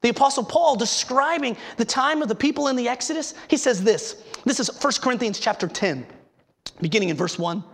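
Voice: medium pitch, expressive, brisk. A preacher giving an emphatic sermon, asking the listeners rhetorical questions and sometimes restarting words.

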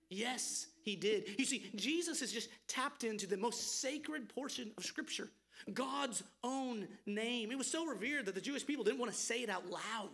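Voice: medium pitch, lively intonation, normal speed, a bit bright. A preacher teaching through scripture in an emphatic, conversational sermon, often repeating words mid-thought. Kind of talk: expository sermon.

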